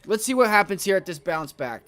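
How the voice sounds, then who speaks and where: A man's voice: sits high, very animated, a little fast, pushed and bright, faint music behind. A man streaming live day trades, venting with profanity and repeating himself in short bursts as he watches the chart. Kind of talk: live trading commentary.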